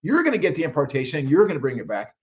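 Fast-talking man telling stories. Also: on the high side, wildly swooping pitch, highs cut off. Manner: acts out quoted voices, frequent restarts. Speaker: guest minister. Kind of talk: animated storytelling interview.

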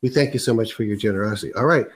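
A man's voice: lowish voice, very fast, slightly rough. Chatty male host, easy laughter. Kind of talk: casual interview chat.

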